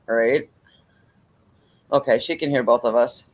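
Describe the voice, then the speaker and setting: A man's voice: mid-range voice, a little slow. A man from Minnesota with a Minnesotan accent, chatting casually and swearing freely, with frequent laughs. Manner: profane, laughing storyteller. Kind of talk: casual chat. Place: living in the US South.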